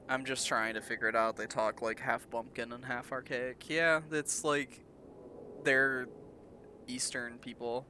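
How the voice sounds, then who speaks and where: A man's voice: medium pitch, steady tone, measured pace, pushed and bright, slight background noise. A young man musing aloud as he streams a game and reads its dialogue. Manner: chatty, musing aloud between read dialogue. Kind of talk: casual game-stream commentary.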